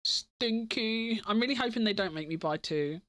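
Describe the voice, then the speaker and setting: A woman's voice: on the high side, lively intonation, normal speed, a bit bright. Sleepy, giggly woman streamer. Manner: giggly, rambling with frequent restarts. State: sleepy, yawning. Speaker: live streamer. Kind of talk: casual stream chat.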